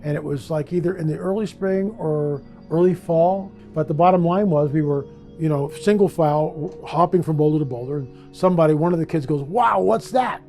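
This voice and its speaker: A man from the United States, interviewed and casually telling a story in an animated way. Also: on the high side, fairly quick, hardly any pauses, faint music behind. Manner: animated, acts out voices when retelling.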